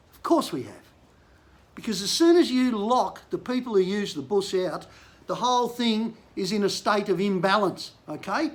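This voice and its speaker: An older Queensland man with an Australian accent and a very high, fairly bright voice rants to camera about politics. He's a bush mechanic, frustrated and blunt, and his venting rises into angry outbursts.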